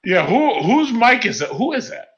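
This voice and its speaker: In a casual group voice chat, a man speaks bluntly and emphatically, repeating his points. His voice is extremely high and very animated, fairly bright, at normal speed, coming through an online chat mic as muffled lo-fi audio with a little hiss or hum.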